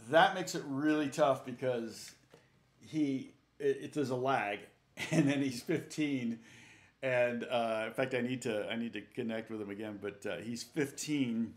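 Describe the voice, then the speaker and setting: Speaking at a moderate pace with a medium-pitched voice, a middle-aged man runs a guitar lesson on a live stream. He wanders off in chatter with his viewers, laughs frequently and counts out notes, all in an echoey room where the guitar rings loudly.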